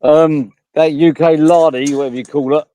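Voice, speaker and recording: A man's voice: fairly high pitch, steady tone, normal speed, warm tone, clean tone. A man chatting casually in a blunt, joking way. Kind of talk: casual chat.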